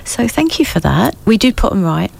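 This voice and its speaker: A woman's voice: medium pitch, sing-song, normal speed, vocal fry, darkish tone, husky. A woman co-hosting a radio music show, chatty and teasing her co-host in casual studio banter.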